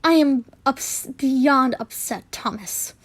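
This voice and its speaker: A hotheaded young man seethes and snarls in a read-aloud story, as a woman reader voices him. The delivery is slow and drawn out. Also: high-pitched, a little mellow, slightly rough, dry recording, in a whisper, exaggerated voice. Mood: furious.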